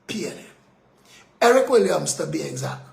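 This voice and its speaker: A man with a Trinidadian accent hosting a live political talk show, ranting with indignation, firing off rhetorical questions and sometimes shouting. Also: on the high side, sing-song, moderate pace, vocal fry, reverberant.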